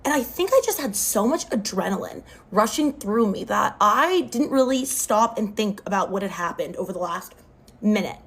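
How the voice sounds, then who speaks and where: A young adult woman telling a casual storytime into her phone. She recounts it in an animated, expressive way and uses "like" often. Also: mid-range voice, normal speed. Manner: expressive, animated retelling with lots of "like".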